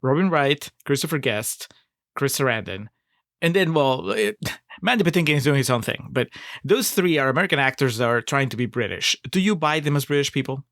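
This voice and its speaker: A man's voice: medium pitch, lively intonation, fairly quick, gravelly, fairly bright tone, no echo, clean studio sound. A man co-hosting a podcast, picking apart a film with laughing, critical banter. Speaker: podcast co-host. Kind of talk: casual film discussion.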